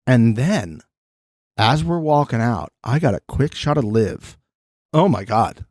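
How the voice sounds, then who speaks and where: A man's voice: mid-range voice, big pitch swings, a little slow, darkish tone, no room sound, clean studio sound. A man co-hosting a podcast in casual, playful chat. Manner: playful, jokey. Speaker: podcast co-host.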